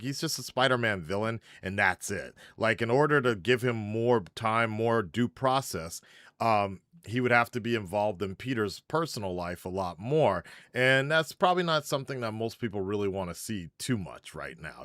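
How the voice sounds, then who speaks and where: A man's voice: fairly low pitch, fairly bright tone, no echo, clean studio sound. A man from Japan chatting casually about a superhero film, rambling with lots of fillers and restarts. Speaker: livestream panelist. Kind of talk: casual movie spoiler chat.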